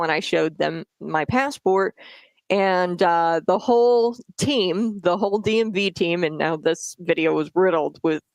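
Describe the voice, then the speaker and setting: A woman's voice: fairly low pitch, unhurried, dry recording. A woman commenting on the radio in an indignant, sarcastic way, with many fillers and restarts.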